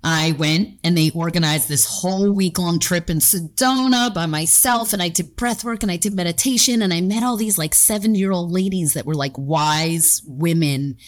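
Woman, about fifty, lowish voice, animated, acts out voices, swears freely, interview guest. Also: moderate pace, few pauses. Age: around 50. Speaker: guest, fitness coach and gym owner. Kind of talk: candid podcast interview.

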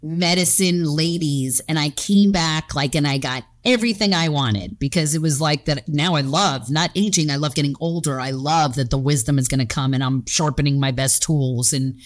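A woman's voice: deep voice, normal speed, hardly any pauses. A woman around fifty, a fitness coach and gym owner, talking candidly in an interview, acting out her inner voices and swearing freely.

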